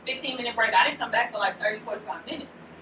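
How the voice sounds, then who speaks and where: Bay woman, podcast co-host, animated storyteller; recorded roomy and off-mic. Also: a little high, quick pace. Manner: animated, full of "like", acts out quoted lines. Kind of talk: casual storytelling chat. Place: room in a shop with co-hosts. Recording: roomy, distant mic, noisy background.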